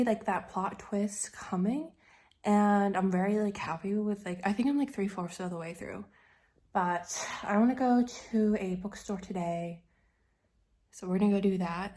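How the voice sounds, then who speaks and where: A woman's voice: mid-range voice, moderate pace, darkish tone. Chatty young woman vlogging. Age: 20s. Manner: chatty, rambling, lots of "like". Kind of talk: casual vlog chat.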